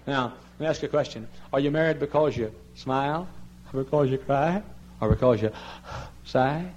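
A man preaching a sermon as pastor of his church, swinging from soft pleading to loud shouted emphasis, telling stories and mimicking the people he quotes. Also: mid-range voice, normal speed, lo-fi sound, a little hiss or hum. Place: church sanctuary.

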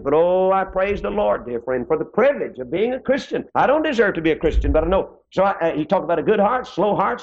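A man's voice: fairly high pitch, vocal fry, a little mellow. A man preaching a sermon, rising now and then to fervent exclamations. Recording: dull lo-fi recording.

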